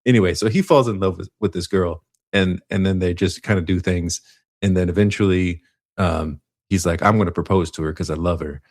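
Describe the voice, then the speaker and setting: Podcast co-host, male, low-pitched; loose rambling plot recap, self-correcting, laughs a lot. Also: fairly quick, darkish tone. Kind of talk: casual movie recap.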